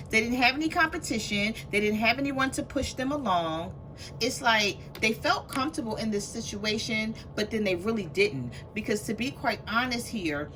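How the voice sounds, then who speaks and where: A woman's voice: mid-range voice, background noise. A woman giving a casual tarot reading to her viewers, chatty, laughing often and acting out what people might say. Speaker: tarot reader.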